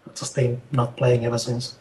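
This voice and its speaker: A man's voice: mid-range voice, completely flat delivery, normal speed, darkish tone, poor audio. A man guest talking casually, swearing and restarting his sentences. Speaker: guest, guild raider.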